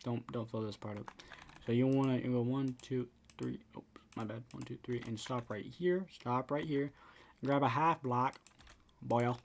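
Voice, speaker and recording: A man's voice: medium pitch, fairly even intonation, normal speed. A man giving casual commentary for a game building tutorial, rambling with many repeated words and restarts.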